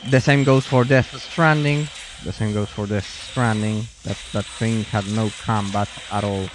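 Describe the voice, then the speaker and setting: A man's voice: on the low side, steady tone, unhurried, noisy background. A man giving casual commentary while playing a video game, rambling with restarts and muttering to himself as he plays. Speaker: gameplay commentator. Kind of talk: casual let's-play commentary.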